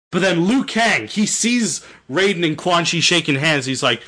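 A man's voice: fairly high pitch, lively intonation, normal speed, hardly any pauses, pushed and bright. A young man casually retelling a story, rambling, swearing and correcting himself. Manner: rambling, profane, self-correcting. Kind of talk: casual chat.

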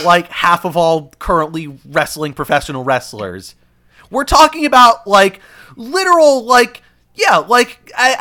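A man's voice: sits high, sharp tone. A man co-hosting a comedy podcast, rambling and swearing freely with many fillers. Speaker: podcast co-host, game pitcher. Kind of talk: casual comedic chat.

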